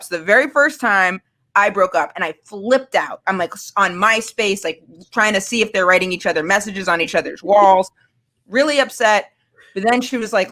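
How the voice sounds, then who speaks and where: A woman's voice: mid-range voice, a little fast, pushed and bright. Woman from Maine, 30s, candid, rambling storyteller, casual chat. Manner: candid, rambling with many fillers and restarts. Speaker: guest.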